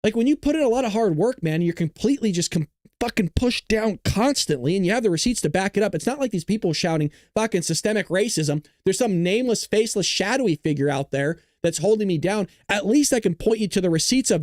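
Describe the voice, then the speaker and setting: Guy hosting a stream, high lively voice, cussing and venting at his viewers, dry close sound. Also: fast talker, hardly any pauses, no room sound. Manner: profane, frustrated ranting; talks straight to his audience. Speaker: show host. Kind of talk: live-stream rant to viewers.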